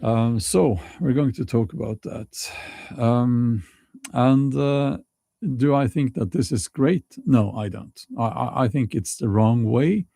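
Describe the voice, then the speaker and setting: Slow, halting Norwegian-accented man. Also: mid-range voice, gravelly, dark tone, dry recording, studio quality. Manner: halting, many restarts and fillers. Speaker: vlog host. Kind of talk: casual spoken commentary.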